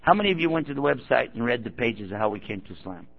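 Speaking fast and expressively, this Muslim preacher has a rough, gravelly mid-range voice. He addresses a gathering with stories, voicing their characters and sometimes poking at the listeners directly, all captured in thin, phone-like, tinny sound.

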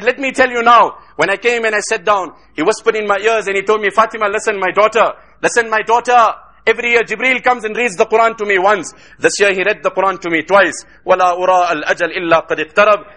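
Fast, high-voiced male preacher. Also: bright, forceful tone. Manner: emotive storytelling, quoting Arabic. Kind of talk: sermon.

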